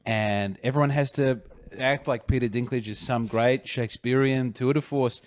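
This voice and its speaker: A man's voice: mid-range voice, fairly even intonation, moderate pace, no echo, clean studio sound. A man co-hosting a casual comedy podcast, giving wry, opinionated takes in a storytelling way. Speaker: podcast co-host.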